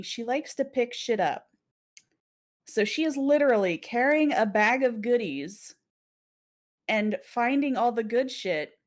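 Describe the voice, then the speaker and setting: A woman co-hosting a casual chat about a horror game, talking animatedly, swearing and laughing often. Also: a little high. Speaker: co-host.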